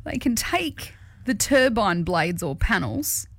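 A woman co-hosting a breakfast radio show, chatting casually with lively, animated storytelling. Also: medium pitch, takes it slowly, no room sound.

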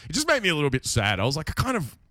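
An animated young Australian man, talking casually in a lively, up-and-down voice. His delivery sits close to the mic in a dry, dead room, and he keeps slipping into funny impressions. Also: on the high side, very fast, dry recording. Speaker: podcast co-host. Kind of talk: casual chat.

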